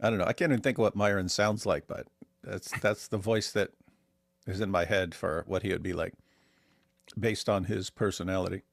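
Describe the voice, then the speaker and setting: A man's voice: deep voice, steady tone, a little fast, creaky, no echo, studio quality. A man co-hosting a casual reaction show, joking in an offhand way. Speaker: co-host.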